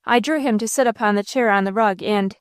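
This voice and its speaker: A woman's voice: mid-range voice, a little fast, clean tone, no room sound, studio quality, natural voice. A woman voicing a wild, fearless young heroine in an audiobook, talking in breathless, pleading exclamations. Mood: distraught.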